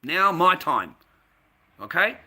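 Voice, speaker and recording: A man's voice: high-pitched, sing-song, takes it slowly, bright, forceful tone. An Australian man telling a heated, profane story about being mistreated as a volunteer, repeating himself as he complains. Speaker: volunteer recounting a workplace dispute. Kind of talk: angry casual rant to camera.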